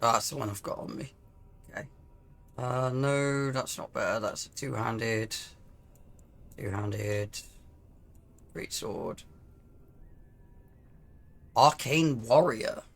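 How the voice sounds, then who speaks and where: Male let's-play host, middle pitch, musing over menus, throat a bit rough from coughing. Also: takes it slowly, pauses often. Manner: relaxed, musing aloud over game menus. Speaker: gaming channel host. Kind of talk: casual let's-play commentary.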